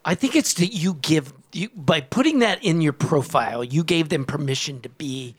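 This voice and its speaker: A man's voice: fairly high pitch, lively intonation, normal speed, breathy edge. Joking man in a casual studio chat. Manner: short reactions, joking. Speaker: podcast host.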